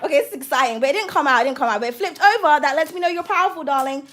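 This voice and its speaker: A woman reading tarot cards on a livestream, bubbly and excitable, swearing casually and calling viewers darling. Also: high voice, a little fast, a little hiss or hum.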